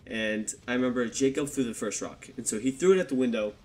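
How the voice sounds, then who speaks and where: A man's voice: mid-range voice, fast talker, darkish tone. A young man talks straight into a desktop microphone and tells a story from his childhood. He keeps it casual and swears a lot. He slips into the voices of the people in the story as he goes. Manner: casual, swears heavily, acts out quotes. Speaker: YouTuber telling a personal story. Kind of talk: storytime vlog. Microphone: desktop USB microphone.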